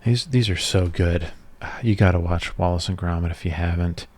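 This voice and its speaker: A deep-voiced man in his thirties, talking in a soft-spoken ASMR style. He rambles casually and nostalgically, with a low, easygoing voice. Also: moderate pace. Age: 30s. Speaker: ASMR creator.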